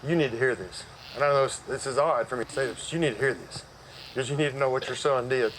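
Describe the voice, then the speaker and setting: A man's voice: medium pitch, fast talker, a bit bright, a little hiss or hum, low-quality recording. A man gives a personal church testimony outdoors. He tells it in a folksy, conversational way with frequent fillers. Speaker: church member giving testimony. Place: outdoor worship service.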